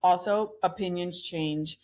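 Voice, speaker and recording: This solo podcaster, a Cuban-American woman, delivers an opinionated, profanity-laced rant on pop culture. Her voice is on the low side and darkish in tone, and she speaks slowly.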